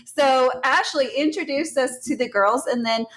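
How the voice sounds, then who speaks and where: A woman's voice: high-pitched, normal speed, a bit bright, soft background music, rough recording. Chatty Southern woman podcast host. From Texas. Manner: chatty, laughs often, restarts sentences. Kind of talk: casual chat.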